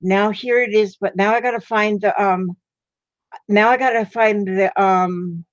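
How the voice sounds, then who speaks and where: A woman's voice: mid-range voice, fairly even intonation, unhurried, no echo. Older woman chatting, dull lo-fi sound. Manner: chatty, easily delighted, exclaims often. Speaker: livestream host. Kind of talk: rambling casual chat.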